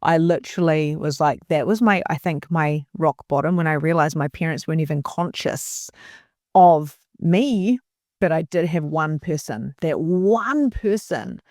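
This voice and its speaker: A woman's voice: sits low, unhurried, darkish tone, no echo, clean studio sound. A middle-aged woman, a guest on a podcast, telling a personal story in an earnest, emotional way with frequent restarts. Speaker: podcast guest, spiritual mentor.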